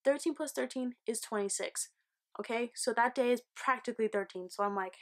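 A young woman vlogger telling an excited, rambling storytime, swearing freely. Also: medium pitch, brisk. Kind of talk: casual storytime vlog.

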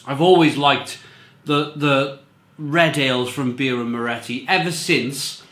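A man's voice: medium pitch, measured pace, a bit bright, roomy sound. A man reviewing beer in a casual, rambling monologue, often repeating himself and stressing his points.

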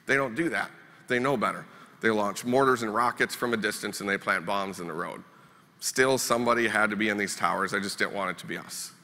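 A man's voice: on the low side, a little fast, sharp tone, long reverb tail. A man from the United States giving a keynote speech to a live audience, telling his story in a plain-spoken way. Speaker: keynote speaker. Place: conference hall.

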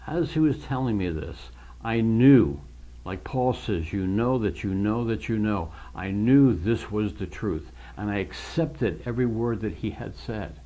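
A man giving an emotional personal religious testimony, halting and repeating himself, near tears. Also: lowish voice, dark tone. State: tearful. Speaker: testimony speaker.

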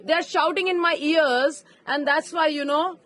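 Brief: female street preacher, high voice, impassioned, outdoor park, handheld mic. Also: fairly even intonation, a little slow. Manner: fervent, rising to emphatic shouts.

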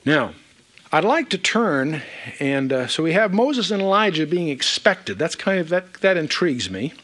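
Animated man teaching the Bible. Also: on the high side, moderate pace. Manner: animated, emphatic, reads scripture aloud with asides.

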